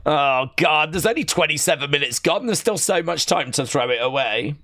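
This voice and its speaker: An excitable young man, hosting a live watch-along stream, chatting, chanting and reading out viewer comments. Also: fairly high pitch, moderate pace, dry recording, studio quality. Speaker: livestream host.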